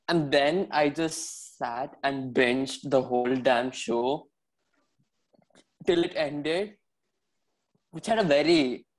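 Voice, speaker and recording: A man's voice: fairly high pitch, rough recording. A young man co-hosting a podcast, giving a wordy, formal-sounding review. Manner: slow, wordy, formal phrasing. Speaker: podcast co-host.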